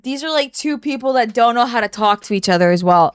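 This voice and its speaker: A woman's voice: fairly high pitch, animated, fast, few pauses, smooth, dry recording, clean studio sound. A woman streamer giving casual reaction commentary, blunt and profane, often breaking into shrieks and laughter.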